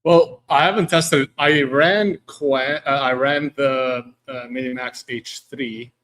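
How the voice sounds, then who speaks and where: A man's voice: mid-range voice, fairly even intonation, a little slow, fairly bright tone. A man on a panel talking casually and hesitantly about tech from his home. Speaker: guest panelist. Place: at home with landscaping work outside.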